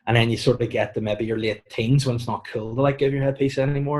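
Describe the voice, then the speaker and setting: Man, Northern Irish accent, comedian guest, casual podcast chat, animated storytelling, deadpan jokes. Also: medium pitch, quick pace. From Northern Ireland. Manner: animated storyteller, acts out quotes, deadpan mock warnings.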